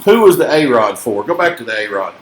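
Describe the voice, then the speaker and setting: A man's voice: mid-range voice, big pitch swings, brisk, slight background noise. A man from Tennessee with a mild Southern accent, hosting a casual card-break chat and joking as he calls out each card. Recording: echoey room.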